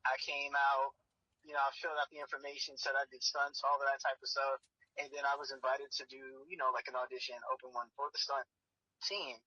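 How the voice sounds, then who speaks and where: A man telling stories as a guest on an interview show, in a relaxed way with many fillers. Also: mid-range voice, a little fast, breathy edge, dry recording, dull audio. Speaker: stuntman and actor guest. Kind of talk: casual interview talk.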